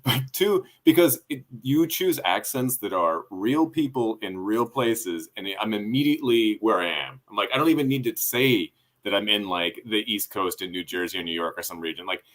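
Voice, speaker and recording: A man's voice: lowish voice, expressive, normal speed, hardly any pauses, fairly bright tone. A man improviser and co-host chatting on a podcast, joking around and expressing his thanks to his scene partner. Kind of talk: casual podcast chat.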